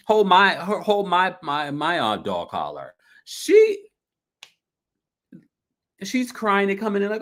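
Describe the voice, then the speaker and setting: Lively gossiping man hosting a recap stream. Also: measured pace. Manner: gossipy, lively, mimics people in high voices. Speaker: recap show host. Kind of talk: casual livestream recap chat.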